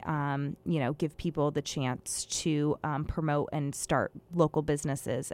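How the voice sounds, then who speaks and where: A woman's voice: low-pitched, a little mellow. A woman who works as an education coordinator, speaking in a casual interview with frequent ums and restarts. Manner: hesitant, many ums and restarts. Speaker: education coordinator at a community kitchen.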